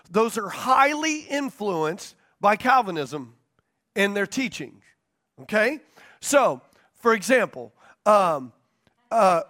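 High-voiced man preaching with emphasis. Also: fairly bright tone. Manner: emphatic, repeats key points and checks in with the congregation. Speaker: pastor. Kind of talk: sermon teaching.

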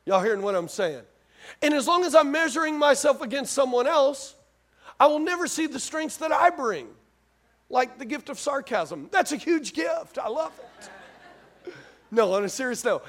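A man preaching a sermon in a conversational way, repeating phrases and asking the congregation questions. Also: very high-pitched. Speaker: pastor.

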